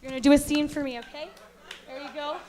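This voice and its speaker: A woman performs fast-paced stand-up at a comedy venue, working the crowd as a self-serious acting coach. Her voice is very high, and her deadpan lectures abruptly flip into outraged yelling.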